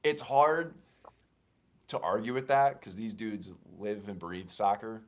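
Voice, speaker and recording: Chatty young male podcast host, low-pitched, upbeat. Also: lively intonation, unhurried. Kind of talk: casual sports chat.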